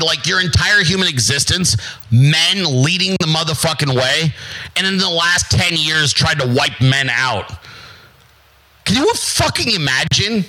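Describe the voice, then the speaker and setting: A man's voice: on the high side, pushed and bright, poor audio. A man hosting a show, delivering a blunt, crude, confrontational rant. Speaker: host. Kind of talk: profane ranting monologue.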